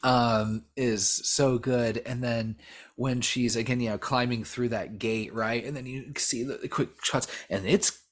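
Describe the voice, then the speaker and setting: A man's voice: medium pitch, steady tone, a little slow. A man co-hosting a podcast, chatting casually about a horror film, rambling with many fillers, restarts and swear words. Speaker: podcast co-host. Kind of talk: casual movie discussion.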